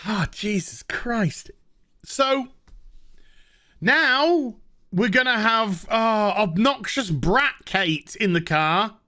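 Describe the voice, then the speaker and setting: A man's voice: sits high, expressive, very slow, bright, forceful tone. A man reviewing a TV show in a sweary, sarcastic, exasperated rant. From Northern England.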